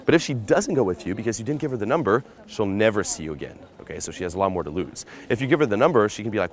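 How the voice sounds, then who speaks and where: A man from America explains dating tactics in a casual street vlog. His voice sits on the low side, and he is blunt and full of swearing. He keeps tagging his points with "okay?". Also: animated, quick pace, hardly any pauses. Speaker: dating coach.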